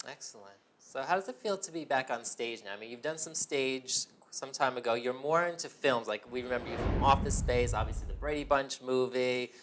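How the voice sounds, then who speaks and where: A man's voice: mid-range voice, fairly quick, hardly any pauses, fairly bright tone, slight background noise. A man with a mid-range voice hosts an interview. He asks his guest questions in an upbeat, admiring, chatty way. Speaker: interview host.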